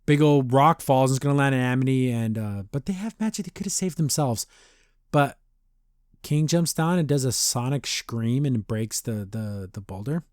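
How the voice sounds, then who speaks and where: Here a man hosts a podcast, chatting his way through a cartoon episode and regularly slipping into exaggerated character voices. His medium-pitched voice is a little mellow and moves at a moderate pace, with clean studio audio and no room sound.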